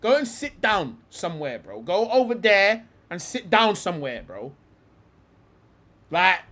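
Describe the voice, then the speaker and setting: Young male livestream host, high and lively voice, profane slang-heavy ranting. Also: unhurried.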